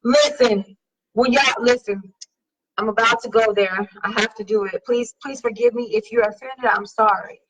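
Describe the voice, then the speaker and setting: Sassy high-voiced woman hosting a live show. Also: moderate pace, a bit bright, distant mic, low-quality recording. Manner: sassy, emphatic, slangy. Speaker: talk show host. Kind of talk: casual live-stream chat reading comments. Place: home live stream over wireless connection.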